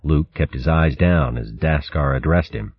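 A man reading a storybook aloud in a measured, dramatic way. His voice is very deep with a husky grain. The recording is dry and slightly dull. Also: dry recording. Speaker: audiobook narrator. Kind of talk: scripted storybook narration.

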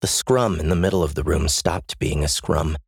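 A man's voice: a bass voice, moderate pace, creaky, slightly rough, no echo, clean studio sound. A man narrating a first-person story as an audiobook, in a tense, dramatic reading.

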